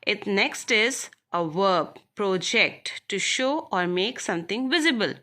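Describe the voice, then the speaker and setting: A woman's voice: medium pitch, lively intonation, sharp tone. A woman, teaching schoolchildren as she works through textbook exercises and repeats words for them. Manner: deliberate, repeats words and addresses the children directly. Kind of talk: slow classroom lesson explaining textbook exercises.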